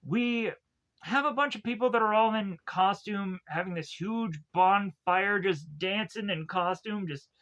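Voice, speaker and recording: Young male reviewer, a little high, loose and jokey, chatty scene-by-scene recap. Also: measured pace, fairly bright tone, dull audio. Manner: rambling, jokey, laughs at his own jokes. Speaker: movie reviewer. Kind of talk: casual comedic recap with goofy quoted asides.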